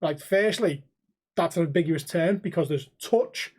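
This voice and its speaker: A man's voice: a little high, unhurried, a little mellow. A young man, co-hosting a podcast and telling stories in casual chat, swearing freely and acting out the people in them. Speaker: podcast co-host.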